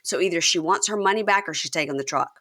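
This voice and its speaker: A woman with a fairly low, bright, forceful voice hosts a casual chat. She recaps a reality show episode, acting out the quotes with lively swearing. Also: fast talker. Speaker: podcast host recapping reality TV.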